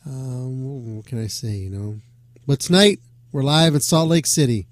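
A man's voice: mid-range voice, moderate pace, no echo, studio quality. A man hosting a rock radio show, talking casually with loose jokes and swearing. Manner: loose, swearing, joking asides. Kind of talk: casual rambling radio talk.

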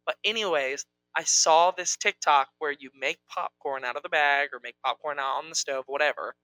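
Young guy cohosting, playful rambly chat, bright voice, dry close sound. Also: a little high, moderate pace, no echo, low-quality recording. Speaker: co-host. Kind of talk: casual chat.

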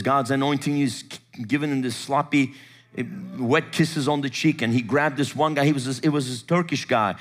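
A male pastor telling a story from the pulpit, acting out the dialogue in an animated way. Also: fairly high pitch. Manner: animated, acts out quoted dialogue. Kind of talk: sermon storytelling.

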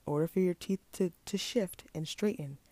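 A woman's voice: on the low side, fairly quick, mellow, dry recording, natural voice. A woman voicing her no-nonsense middle-aged mother, firmly scolding and reassuring.

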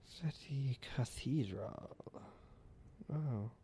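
A man's voice: medium pitch, extremely slow, gravelly, mellow, breathy edge. A young man chatting casually during an accent-guessing game, teasing, blunt and swearing freely. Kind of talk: casual chat.

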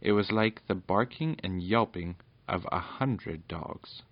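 A man reads a children's storybook aloud in a very low, gravelly voice, now and then tripping over words and correcting himself. The recording is dry and a little dull. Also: animated, takes it slowly, no room sound. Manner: unpolished, with frequent stumbles and self-corrections.

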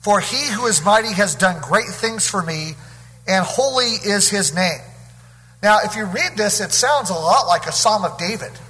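A man's voice: high-pitched, animated, moderate pace, sharp tone, breathy edge, long reverb tail, poor audio. A man preaching a Bible study sermon, reading scripture aloud and commenting on it verse by verse.

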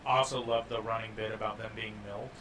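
A man co-hosting a podcast, chatting and joking in an animated way about a film. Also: fairly low pitch, quick pace. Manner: animated, joking, lots of restarts. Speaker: podcast co-host. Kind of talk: casual chat and film review. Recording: distant mic, faint room noise.

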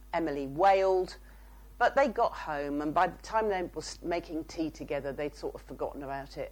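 Woman, psychotherapist guest, lowish voice, lively storytelling. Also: low-quality recording. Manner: storytelling with quoted dialogue. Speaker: psychotherapist and author. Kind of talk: guest telling case stories.

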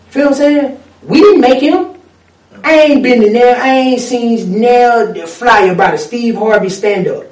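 A man in casual chat, ranting in a lively, profane way with street slang. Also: very high-pitched, normal speed. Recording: echoey room, mic at a distance.

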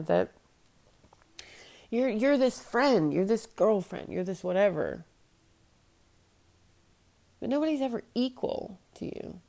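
This solo podcast host, a woman in her late thirties, speaks bluntly and profanely while venting. Her voice is on the low side, gravelly and a little mellow.

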